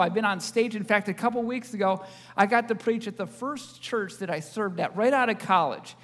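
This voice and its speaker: A high-pitched male pastor preaching in a church with a long, ringing reverb. He teases the congregation and tosses questions at them as he goes. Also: fairly bright tone. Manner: joking, audience-engaging preacher. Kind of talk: sermon.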